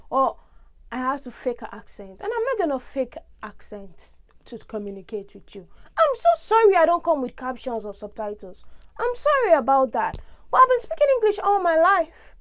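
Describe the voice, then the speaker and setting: Brief: young Nigerian-accented woman, high voice, animated expressive vlogger rant. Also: normal speed. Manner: expressive, ranting, big swings in tone. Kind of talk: casual vlog monologue.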